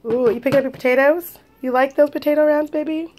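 A young woman with a high voice talks to her camera at home while feeding her twin toddlers. She chats casually to viewers, then slips into sing-song baby talk with the boys. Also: steady tone, fast talker, darkish tone. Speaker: vlogger and mother of twins. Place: home, at dinner time.

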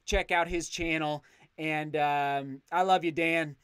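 Livestream host, male, effusive and excitable; smooth, resonant tone. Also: fairly high pitch, slow, no echo, studio quality. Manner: excitable, effusive thanks, frequent restarts. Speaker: channel host reading live chat. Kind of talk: casual livestream chat.

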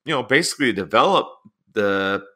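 A man hosting a sports podcast in casual chat, a chatty and animated storyteller. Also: fairly low pitch, moderate pace. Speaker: podcast host.

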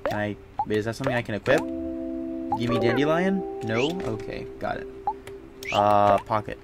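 A man's voice: lowish voice, expressive, normal speed. Rambling young man streaming a game. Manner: rambling, thinks aloud with frequent restarts; casual slang, self-mocking. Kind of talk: live gameplay commentary. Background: game music.

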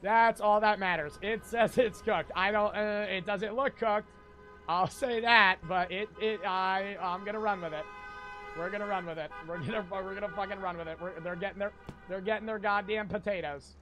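A young man streaming a cooking game, talking to his chat in a frantic, profane, yelling way. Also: sits high, steady tone, moderate pace, faint music behind. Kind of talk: gaming livestream commentary.

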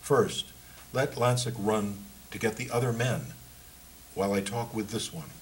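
A man reads as a young emigrant soldier who talks with careful, halting deference, searching for each word. The voice sits low, with a faint hiss of noise behind it. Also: natural voice, poor audio. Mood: hesitant, deferential. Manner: hesitant, overly polite, groping for words.

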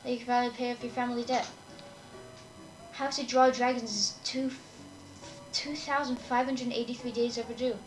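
A woman's voice: a little high, little pitch movement, moderate pace, pauses often, distant mic, lightly acted. A woman reading the lines of a fussy, pompous volunteer library assistant from a game. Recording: echoey room with game music.

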